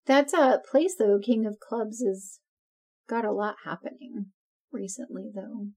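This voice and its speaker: Woman, podcast co-host, casual chat, unhurried delivery, soft dark tone, laughs a lot. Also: mid-range voice, breathy edge. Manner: chatty, laughs often.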